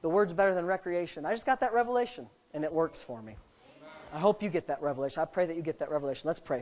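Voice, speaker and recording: A middle-aged man preaching a sermon as pastor, swinging from quiet, low asides to loud, fervent shouting. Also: expressive, fast talker.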